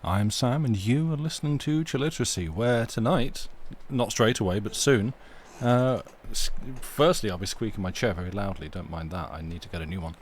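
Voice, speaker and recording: A young man chats loosely into a desk microphone before a live reading. His voice sits a little low, and he wanders through restarts and self-deprecating asides in a relaxed way. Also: normal speed, hardly any pauses, a little hiss or hum. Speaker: storyteller and stream host. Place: home streaming desk with a squeaky chair.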